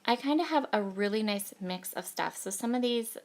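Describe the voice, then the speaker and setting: A chatty woman in her thirties talks through a craft project, hoarse from a cold, with a gravelly, fry-edged voice at a middle pitch. She gushes over cute things in a bubbly, casual way. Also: expressive, moderate pace. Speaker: scrapbooking crafter. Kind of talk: casual crafting tutorial chat.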